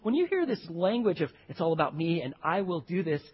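A male pastor delivers a sermon in a high, slightly husky voice. He moves from quiet, low-key stretches to loud, dramatic readings of quotes. The recording sounds dull and lo-fi. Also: big pitch swings, fairly quick. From Texas. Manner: dramatic swings from hushed to loud, acts out quotes.

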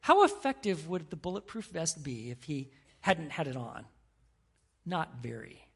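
A middle-aged man preaching a sermon as pastor, telling stories with animated quoted voices. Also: a little high, measured pace, gravelly, husky.

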